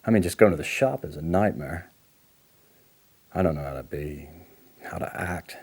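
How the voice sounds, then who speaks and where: Late-forties man, playing a deep-voiced, raspy, volatile addict in counselling; swings from outbursts to shame. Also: moderate pace, darkish tone, heavily acted. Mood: angry, bitter. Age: late 40s. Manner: swings between outbursts and low, muttered apology. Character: angry recovering male addict near fifty, volatile and ashamed. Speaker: counselling client in a training role-play.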